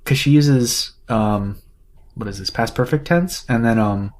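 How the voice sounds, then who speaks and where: A woman's voice: a bass voice, a little slow, darkish tone. A woman co-hosting a casual book podcast, analytical and self-deprecating, swearing casually as she picks apart the writing. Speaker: podcast co-host. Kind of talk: casual chat, book critique.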